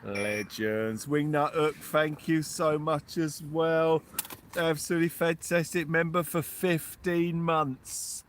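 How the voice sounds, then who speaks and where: A man hosting a live fishing stream outdoors on the shore at night, giving excitable commentary and thanking his supporters one by one. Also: a little high, slow, a little hiss or hum. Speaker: fishing livestream host.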